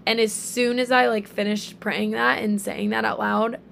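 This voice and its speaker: A young woman tells a personal story in a relaxed, chatty way, full of fillers and quick asides. Her voice has a gravelly, creaky edge, and faint noise sits under the recording. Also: a little high. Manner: animated storytelling with many fillers. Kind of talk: casual faith chat.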